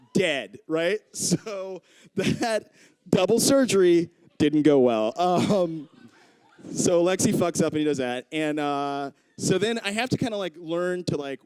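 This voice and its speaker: A man in his thirties doing live stand-up storytelling on a club stage into a handheld mic, acting out the people he quotes with big jumps in pitch. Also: darkish tone, clear, resonant tone, no echo. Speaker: stand-up comedian.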